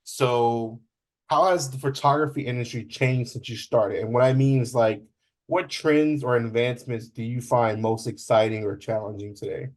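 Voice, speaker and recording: A young man puts questions to a guest in a relaxed interview, pausing and filling gaps as he goes. His voice is mid-pitched for a man and unremarkable. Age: young adult. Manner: halting, with fillers.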